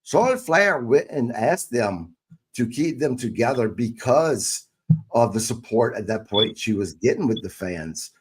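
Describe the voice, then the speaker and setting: A man's voice: medium pitch, animated, unhurried, faint music behind. Man hosting a wrestling podcast. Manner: asks co-hosts questions, reads listener questions. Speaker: podcast host. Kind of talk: casual wrestling talk.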